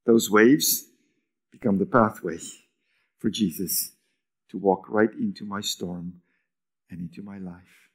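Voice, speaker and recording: Man, pastor, sermon, emphatic then whispered, acts out quotes with high pitch. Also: takes it slowly, pauses often. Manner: swings between loud emphatic lines and hushed near-whispers.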